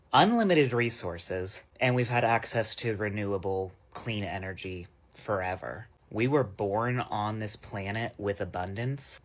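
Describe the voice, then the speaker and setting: A man delivering a calm, declarative message. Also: on the low side.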